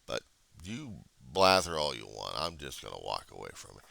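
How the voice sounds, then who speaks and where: Deep, gravelly man, blunt and sarcastic. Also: big pitch swings, normal speed, bright, forceful tone, no echo. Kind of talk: casual chat.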